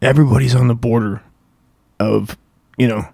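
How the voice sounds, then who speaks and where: Male comic host, rambling, crude, mellow tone, dry close recording. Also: medium pitch, normal speed, gravelly, dry recording. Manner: rambling, crude, riffing with mock quotes. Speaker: comedy podcast host. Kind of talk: profane comedic monologue.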